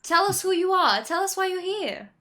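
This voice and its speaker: A wary adventurer pleads with a stranger in a slightly high, halting voice, as a woman puts her on. She stops and restarts mid-sentence, urging the other to talk rather than fight. It comes through a video call. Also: fairly bright tone. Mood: pleading.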